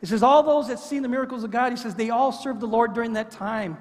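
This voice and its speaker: A man's voice: very high voice, fast talker. A middle-aged man preaching a sermon in an earnest way, often repeating words as he builds his point. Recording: long hall reverb.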